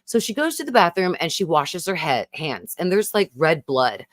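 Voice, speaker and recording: A woman hosting a casual episode recap for her viewers, chatty and animated. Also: fairly low pitch, normal speed, no room sound, clean studio sound. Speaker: YouTube host recapping a TV episode.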